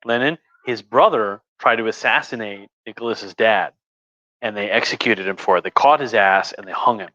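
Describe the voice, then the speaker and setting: Tipsy man, bright forceful voice, crude and rambling, dry muffled audio. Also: on the low side, normal speed, no echo. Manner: crude, profane, rambling with restarts. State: tipsy from wine. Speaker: host. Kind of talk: casual livestream history talk. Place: home room.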